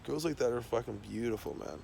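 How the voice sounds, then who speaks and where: A man's voice: medium pitch, sing-song, quick pace, creaky, dark tone, slight background noise. A man talking in a loose, rambling monologue, swearing constantly and trailing off into fillers and restarts.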